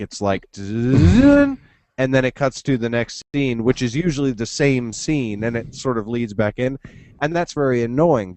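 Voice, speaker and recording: A man's voice: medium pitch, darkish tone, no echo. A man hosting a podcast in casual chat, enthusiastic and rambling, swearing now and then. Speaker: podcast host.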